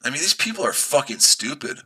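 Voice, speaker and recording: A man with a very bright, piercing voice argues at his live-stream chat. He is combative and profane, hammering the same rhetorical questions again and again. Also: medium pitch, big pitch swings, a little fast. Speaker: day trader streaming live.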